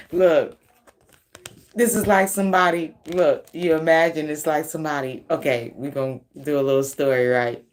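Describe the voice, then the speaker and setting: Animated laughing woman reading tarot. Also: lowish voice. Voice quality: laughs often, swears freely, very animated. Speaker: tarot reader.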